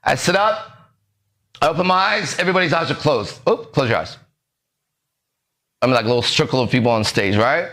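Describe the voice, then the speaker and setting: A man's voice: fairly high pitch, quick pace, fairly bright tone. A man hosting a podcast, telling a story in a casual, profane way and acting out the other people's voices. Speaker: podcast host.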